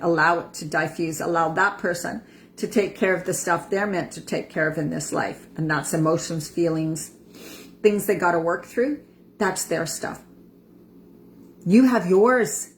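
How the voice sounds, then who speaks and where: A woman's voice: fairly low pitch, a little hiss or hum. A woman in her fifties giving a casual motivational talk as an empowerment coach, chatty and repeating words for emphasis. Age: 50s.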